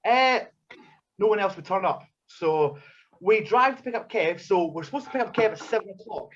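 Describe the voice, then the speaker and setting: Husky, animated man telling a story. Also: high-pitched, normal speed, muffled recording. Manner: swears a lot, acts out scenes, animated storyteller. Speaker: wrestler telling a story as a podcast guest. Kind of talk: casual profane anecdote.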